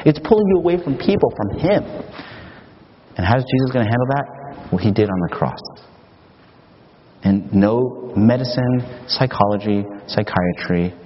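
A male pastor preaching a sermon in an animated, emphatic storytelling manner. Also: medium pitch, moderate pace, long pauses. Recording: echoey hall, dull, faint hiss.

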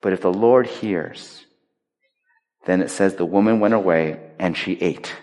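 A male pastor giving a conversational, emphatic sermon, swinging between loud stressed lines and hushed quiet points. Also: sits low, measured pace. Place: large hall. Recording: long reverb of a large hall.

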